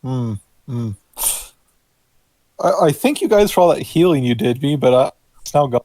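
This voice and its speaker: A man in a tabletop game session, speaking in a dark, mellow voice. His remarks are dry and wry, and the sound is close and dead. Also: medium pitch, animated, normal speed, no room sound. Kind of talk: casual game chat.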